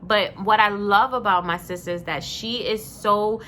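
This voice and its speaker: Bright-voiced woman gushing over family. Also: medium pitch, steady tone, moderate pace, a little hiss or hum. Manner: emotional, effusive, gushing with praise. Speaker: vlogger honoring her family. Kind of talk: heartfelt personal tribute.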